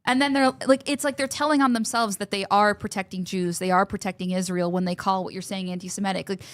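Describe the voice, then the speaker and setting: A woman's voice: medium pitch, steady tone, fast, no echo. A woman contributor on a political panel, making questioning, ironic points. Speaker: show contributor.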